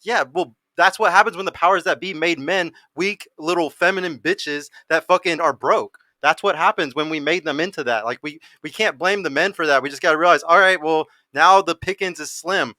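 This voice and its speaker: A man's voice: a little high, fairly quick, few pauses, bright, forceful tone, no room sound. A man hosting a podcast, emphatic and profane. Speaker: podcast host. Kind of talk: podcast discussion.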